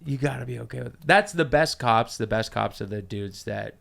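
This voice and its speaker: A man's voice: medium pitch, expressive, brisk, creaky, a crowd in the background. A man, a comedian guest on a podcast, making crude jokes in casual chat. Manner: crude, joking.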